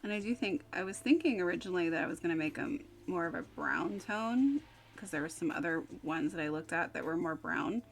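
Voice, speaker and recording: A woman livestreaming as she paints, chatting in a relaxed way and thinking aloud. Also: fairly low pitch, fairly quick, gravelly. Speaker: livestreaming artist. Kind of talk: casual chat while painting. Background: faint music.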